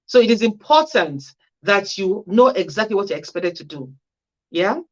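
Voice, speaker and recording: A care worker hosting a casual livestream, reading out viewer comments and answering each with chatty, practical advice. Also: female voice, mid-range voice, lively intonation, moderate pace, muffled recording.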